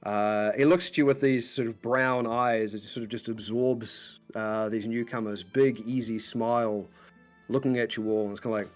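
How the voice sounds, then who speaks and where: Guy gm'ing a tabletop game, rambly scene descriptions, middle pitch, quiet music behind. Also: steady tone, normal speed. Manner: meandering, descriptive. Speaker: game master.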